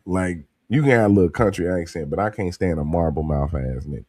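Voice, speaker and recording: A man with a low voice chats casually as a podcast co-host. He talks in a loose, emphatic way and swears freely. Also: fairly quick, warm tone, breathy edge. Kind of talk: casual chat. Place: in Texas.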